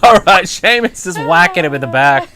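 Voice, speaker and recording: A man co-hosting a live wrestling watch-along in casual chat, laid-back and quick to laugh at his own jokes. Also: fairly high pitch, lively intonation, a crowd in the background.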